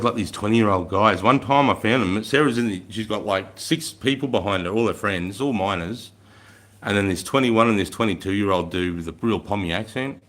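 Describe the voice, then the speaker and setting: Blunt, deep-voiced Australian man. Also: fairly bright tone. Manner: blunt, swears freely, matey slang. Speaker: livestream host. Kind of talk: casual chat with viewers.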